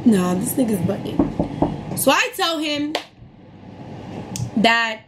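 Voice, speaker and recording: A high-voiced young woman tells a story in a casual, fired-up rant full of swearing. She speaks to camera with a faint hum of room noise behind her. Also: measured pace, pauses often. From New York City area. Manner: profane, heated, animated retelling. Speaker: vlogger telling a story.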